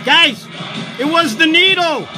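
A man chatting loudly and rambling to live-stream viewers as he shows off collectibles for sale. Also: extremely high pitch, animated, slow pace. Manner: loud, rambling, talks to viewers while showing items. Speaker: livestream seller of collectibles. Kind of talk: casual live-stream chat. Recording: music playing behind. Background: background music.

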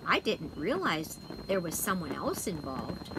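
A man's voice: a little high, big pitch swings, unhurried, background noise. A woman reading a sentimental old man. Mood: earnest grateful. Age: older. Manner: earnest, sentimental. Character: kindly tearful old pencil maker man.

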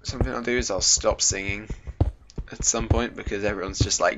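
A young man casually commentating his gameplay, goofy and chatty, joking with himself. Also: a little fast. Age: young adult. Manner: chatty and goofy, jokes to himself, lively pitch jumps. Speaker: gaming YouTuber. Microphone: desk microphone. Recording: dull home mic with faint hiss.

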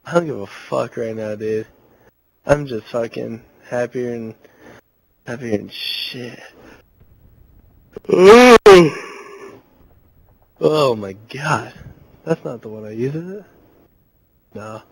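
Slow-talking drunk young man, giggly. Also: mid-range voice, creaky, husky, low-quality recording. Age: young adult. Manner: giggly, rambling, slurred. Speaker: gamer on voice chat. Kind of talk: casual chat.

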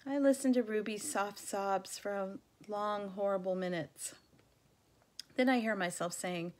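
Woman reading a kids' novel aloud, measured and gentle, slow, mid pitch. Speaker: reader.

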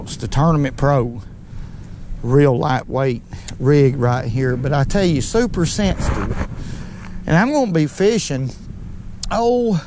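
Male fishing vlogger, unhurried and folksy, outdoors on a boat with faint background noise. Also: on the high side. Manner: folksy, excitable, talks to viewers as "y'all". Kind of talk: casual on-the-water commentary.

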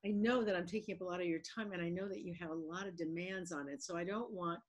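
A woman's voice: lowish voice, steady tone, fast talker, a little hiss or hum, poor audio. A woman talk show host interviewing a guest, effusive and full of praise. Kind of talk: interview chat.

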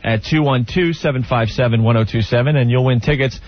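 A man hosting a radio show, reading phone numbers and promos briskly, on a dull radio recording. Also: medium pitch. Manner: brisk announcer reads. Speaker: radio host. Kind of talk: morning-radio banter and prank call. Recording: dull radio audio with music.

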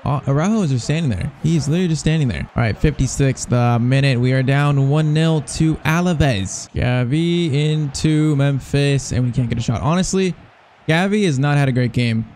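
A young man commentating his own football video game match, excitable, swinging from deadpan complaints to loud cheering. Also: mid-range voice, normal speed, slight background noise. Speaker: gaming channel host.

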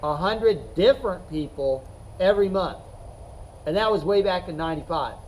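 A man's voice: high voice, lively intonation, normal speed, a little mellow, slight background noise, poor audio. A middle-aged man, a chess coach, talking unscripted to the camera in a rambling, emphatic way that circles back and repeats itself.

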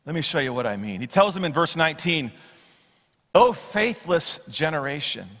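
Pastor, high bright man's voice, swings loud to soft while preaching, big church reverb. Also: sing-song, moderate pace. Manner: expository preaching, acts out Bible quotes, swings from loud to hushed. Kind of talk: sermon. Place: church sanctuary. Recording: long church hall reverb.

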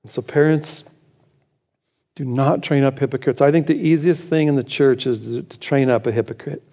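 A man's voice: mid-range voice, steady tone, moderate pace, mellow, dull audio. A middle-aged American man preaching a sermon as pastor, exhorting his listeners and chuckling between points. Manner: preaching with rising intensity, exhorting.

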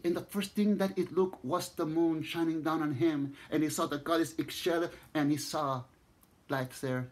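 Mexican man telling a tale slowly. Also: slightly rough. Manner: unhurried, repeats and restarts phrases, voices the figures with rising pitch. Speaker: storyteller. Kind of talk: spoken storytelling.

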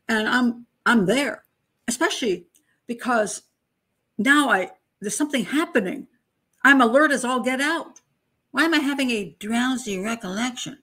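A woman's voice: fairly high pitch, expressive, normal speed, fairly bright tone. An older woman hosting a casual true-crime commentary, talking emphatically and with open disbelief as she picks apart testimony. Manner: emphatic, incredulous, mocks testimony with acted-out voices. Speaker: criminal profiler and channel host.

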